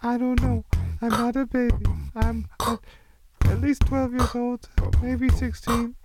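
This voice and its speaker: A man's voice: very high voice, level tone, unhurried, music in the background, voice pushed up. A man voicing a goofy, unsure young ghost kid who boasts through a rambling freestyle rap. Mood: boastful, rambling.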